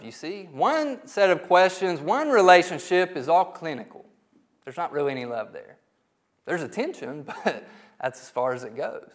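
A middle-aged man preaching a sermon in church as pastor, emphatic and repetitive, often asking the congregation rhetorical questions. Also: fairly high pitch. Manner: emphatic, repeats key words, asks the congregation rhetorical questions.

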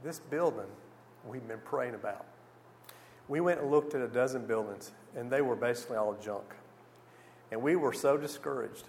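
A man giving a church mission presentation with slides, a lively storyteller who acts out the conversations he describes. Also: mid-range voice, normal speed, slight background noise. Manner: lively storyteller, acts out dialogue, exclaims "whew". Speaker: missionary speaker.

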